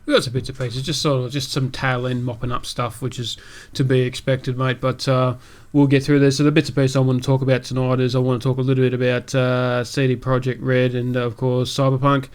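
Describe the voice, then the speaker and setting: A man's voice: medium pitch, flat delivery, fairly quick. Male podcast host, casual and chatty, prone to restarts, mid-range voice. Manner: chatty, rambling with restarts and fillers. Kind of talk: casual gaming podcast chat.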